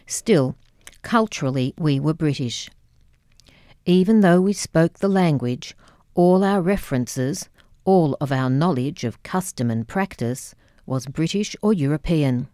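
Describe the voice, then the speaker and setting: A woman reading a memoir aloud in a calm, measured way in a radio studio. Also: deep voice, dry recording. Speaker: audiobook reader. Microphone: studio mic.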